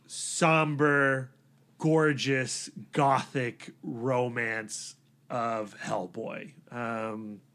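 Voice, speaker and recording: A man's voice: medium pitch, level tone, very slow, fairly bright tone. A man co-hosting a movie podcast in casual chat, rambling and hesitant, full of fillers and restarts. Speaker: podcast co-host.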